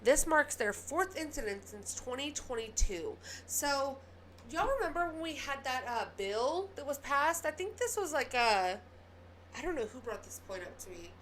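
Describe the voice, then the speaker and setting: Southern lady going off about the news, gets heated then says sorry, kinda high voice. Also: lively intonation, fairly bright tone, a little hiss or hum. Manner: heated ranting with quick apologies. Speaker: news commentary host. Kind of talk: casual news commentary.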